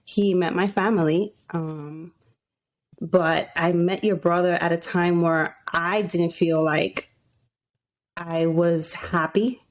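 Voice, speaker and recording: A woman co-hosting a podcast, telling a story in a rambling, animated way with frequent laughs. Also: fairly low pitch, takes it slowly. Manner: rambling, animated, laughs often, acts out quotes. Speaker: podcast co-host. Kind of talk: casual storytelling chat.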